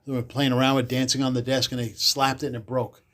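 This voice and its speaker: A man, a podcast guest telling loud, animated stories in casual chat, cursing freely and acting out the people he quotes. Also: medium pitch, fast. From the Bronx, New York. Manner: animated, swears freely, acts out quotes loudly. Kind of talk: casual storytelling.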